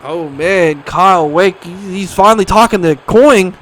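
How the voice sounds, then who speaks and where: High, bright, swearing wrestling commentator man. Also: a little slow. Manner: swears constantly, breaks into shouting hype. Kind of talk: profane excitable play-by-play commentary.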